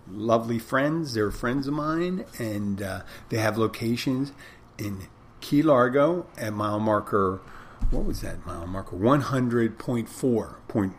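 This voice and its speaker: A man's voice: mid-range voice, slight background noise. A man with a Florida Keys accent, a bartender hosting a casual podcast, rambling conversationally with many restarts and the odd curse word. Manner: swears casually.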